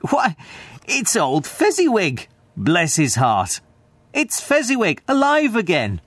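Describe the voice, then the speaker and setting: A man voicing an old male miser, exclaiming with excitement. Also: mid-range voice, slow, dry recording, heavily acted. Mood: excited.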